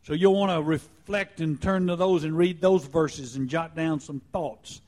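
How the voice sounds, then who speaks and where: A man with a slightly raised voice preaches to his congregation in an earnest teaching tone. He slows down to stress key words, repeating a phrase with deliberate emphasis. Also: on the high side, darkish tone. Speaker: pastor. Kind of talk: sermon.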